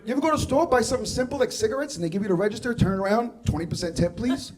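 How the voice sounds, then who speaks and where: High-pitched and racing, a man from Queens rips through a brash, profane stand-up set, acting out dialogue. It's recorded live in a club, with the audience laughing throughout.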